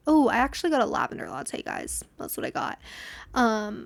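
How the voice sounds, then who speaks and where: A young woman hosting a solo podcast tells a story in a chatty, self-deprecating way, acting out the lines of the people in it. Her voice is a little high and creaky, fast, with big swings in pitch.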